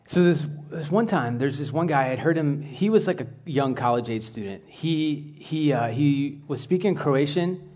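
This is a man with a slightly higher voice, giving a relaxed, chatty sermon. He talks like he is catching up with friends, drifting into side stories and starting his sentences over. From United States. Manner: chatty, rambling with asides and restarts. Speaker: church speaker. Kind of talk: casual conversational sermon.

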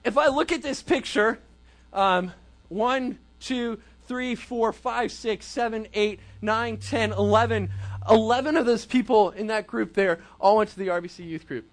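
A man's voice: sits high, unhurried. A man speaking to a youth group in a casual sermon style, conversational and full of rhetorical questions.

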